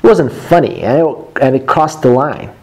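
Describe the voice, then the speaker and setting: A man's voice: medium pitch, sing-song, normal speed, vocal fry, darkish tone, husky, heavily acted. A man reading aloud the lines of a hurt woman who wants an apology, as if reading from a textbook dialogue. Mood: offended.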